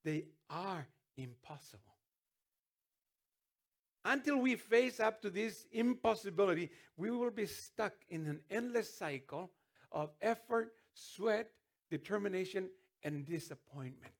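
A man's voice: high-pitched, expressive, measured pace. A man preaching a sermon as pastor, earnest, with restarts and sudden emphatic rises.

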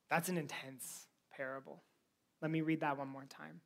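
A woman preaching a sermon in an animated, conversational way, mixing scripture with casual slang. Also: low-pitched, normal speed.

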